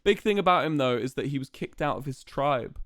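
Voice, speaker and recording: A man's voice: medium pitch, a little fast, dry recording, studio quality. Young man chatting playfully on stream. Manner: playful, animated, chatty with many fillers. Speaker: live streamer. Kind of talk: casual live-stream chat to viewers.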